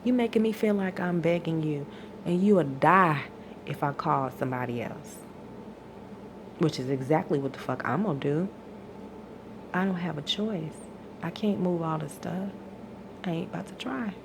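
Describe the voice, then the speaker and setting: Speaking at a moderate pace with a low, gravelly voice and frequent pauses, a vlogger rants profanely about her personal frustrations. She's worn out and exasperated, rising into outbursts, and there's noise behind her.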